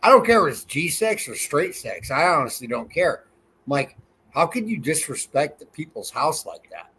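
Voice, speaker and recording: A man chatting on a podcast, hesitant and halting as he stumbles through restarts. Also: on the high side, very animated, bright, forceful tone, husky, low-quality recording. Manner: hesitant, many fillers and restarts. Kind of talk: casual chat.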